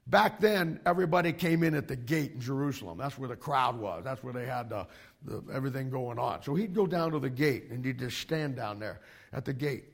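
A male pastor preaching to young ministry students, emphatic and animated, with frequent restarts. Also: mid-range voice, a little fast, creaky.

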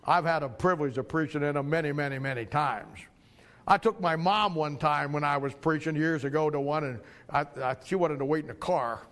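An older man preaching a sermon, swinging from quiet storytelling to loud shouted climaxes. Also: brisk. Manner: rises to shouting climaxes, drops low for storytelling.

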